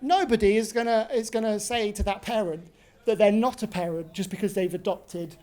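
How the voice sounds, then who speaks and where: A woman's voice: mid-range voice, moderate pace, dark tone. A woman in her twenties doing a sweary stand-up set in a pub, ranting and tagging lines with "right?". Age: 20s. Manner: swearing, ranting, tag questions. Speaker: stand-up comedian. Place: pub venue.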